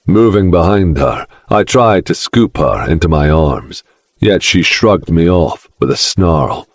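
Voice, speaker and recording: Very deep, slow, husky male narrator. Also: animated, no room sound, clean studio sound. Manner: slow, brooding, dark delivery. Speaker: audiobook narrator. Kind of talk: first-person romance audiobook narration.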